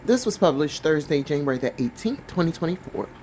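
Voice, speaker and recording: A woman's voice: low voice, lively intonation, brisk, darkish tone, slight background noise, low-quality recording. A woman reading a news article aloud and breaking off for blunt, sassy comments of her own, sometimes stumbling over words. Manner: blunt, sassy commentary between read passages. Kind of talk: reading aloud with casual asides.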